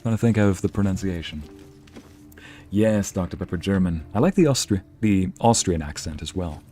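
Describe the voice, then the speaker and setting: A man's voice: deep voice, animated, normal speed, dark tone, soft background music. A man streaming a game, chatting casually and musing aloud as he reads out messages from his chat.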